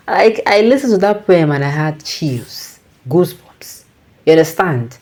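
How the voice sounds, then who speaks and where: A woman's voice: deep voice, expressive, measured pace, darkish tone. A Nigerian woman giving reflective casual commentary, slipping into Pidgin and restarting her sentences.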